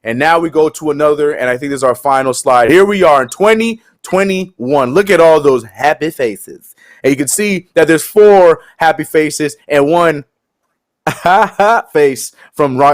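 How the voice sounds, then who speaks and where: Animated man hosting sports talk. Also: on the high side, unhurried. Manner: animated, laughing, joking asides. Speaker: sports show co-host.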